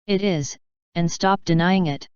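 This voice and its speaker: A woman's voice: on the low side, measured pace, darkish tone, clear, resonant tone, no echo, lightly acted. Woman reading as a tearful pony wife. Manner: defensive, on the edge of tears. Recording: dull lo-fi.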